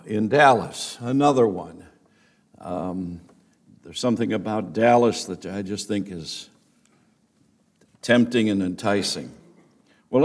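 A male pastor preaching an expository sermon, explaining scripture verse by verse with deliberate emphasis. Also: medium pitch, darkish tone. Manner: deliberate, emphatic teaching delivery.

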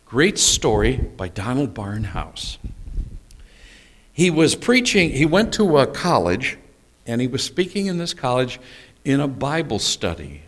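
Male pastor, sermon, slow deliberate pace, rhetorical questions, anecdotes. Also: medium pitch, very animated, a bit bright. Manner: storytelling with rhetorical questions and asides.

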